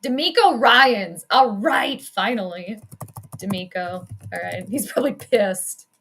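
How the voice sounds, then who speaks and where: A woman chatting casually on a live stream, giving an astrology prediction and reacting to a football game as it plays, with quick asides and self-deprecating jokes. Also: mid-range voice, lively intonation, creaky, a bit bright, slight background noise. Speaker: sports astrology streamer and commentator.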